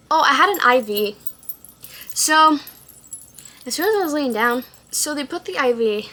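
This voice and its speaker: A young woman vlogger with a Texan accent chats through a storytime in casual slang, swearing now and then. Her voice sits a little high and sounds bright and forceful. She acts out the voices of other people as she goes. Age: young adult.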